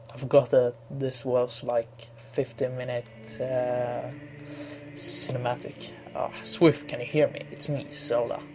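A man casually commenting while playing a video game, rambling and mumbling asides with crude jokes. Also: medium pitch. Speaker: gamer. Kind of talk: casual let's play commentary. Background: video game music.

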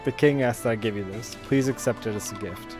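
A sly, smooth-talking young cat-beast warrior with a teasing edge, read aloud by a man playing a game. The voice sits in an ordinary middle register. Faint game music plays underneath. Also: medium pitch, brisk, lightly acted. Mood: formal. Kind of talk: reading game dialogue aloud.

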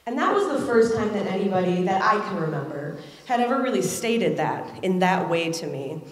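Speaking at a moderate pace with animation and medium pitch, an Ohio woman in her thirties tells a candid, reflective personal story at a community event, voicing the people she quotes. The recording carries the long reverb of a large, echoey event hall.

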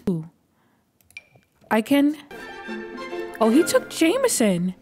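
A woman giving excitable, chatty let's play commentary as she plays a life-simulation game, narrating each move. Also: a little high, drawn-out words, faint music behind. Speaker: gaming YouTuber.

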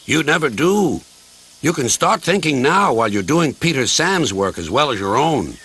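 A man's voice: medium pitch, sing-song, moderate pace, fairly bright tone, breathy edge, pitched above the performer's own voice. Man doing a stern lofty big engine. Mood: scolding. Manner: lofty, scolding. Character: stern self-important big male express engine. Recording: constant noise behind.

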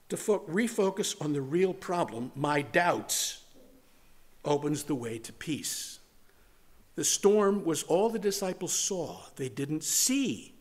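A man with a rather high voice preaches a sermon as pastor. He swings between forceful emphasis and soft, almost whispered words. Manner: dramatic shifts from loud to hushed, near-whispered words.

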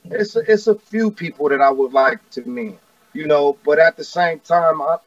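Speaking at a moderate pace in a slightly high voice, a rapper in his forties from Southern California talks loosely as an interview guest, leaning on slang and returning again and again to "you know what I mean." The sound is dry lo-fi, distant and dull.

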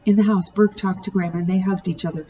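A woman teacher reading a novel aloud to her students, pausing to ask the class questions. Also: mid-range voice, fairly even intonation, warm tone. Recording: distant muffled home recording, faint hiss.

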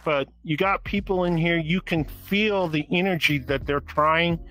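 A man's voice: on the high side, unhurried, pushed and bright, rough recording. A man co-hosting an interview show, chatting casually in a rambling, folksy way with loose grammar. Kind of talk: casual chat.

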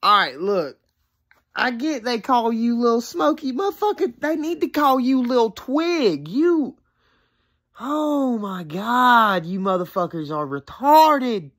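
A woman talks over video clips in casual commentary. She swears in disbelief and keeps laughing between remarks. Her pitch swings lively up and down. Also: unhurried. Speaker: reaction video host.

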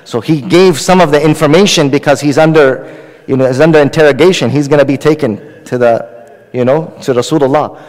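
A man's voice: a little high, brisk, a little mellow, big-room sound, poor audio. A man preaching a Ramadan night sermon, retelling a story with dialogue. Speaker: Islamic preacher.

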